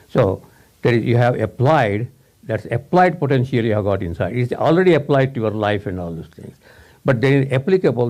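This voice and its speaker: A man with a somewhat low, slightly mellow voice gives an informal talk to his students as a spiritual teacher. He speaks English as a second language, rambling and repeating himself while chuckling often.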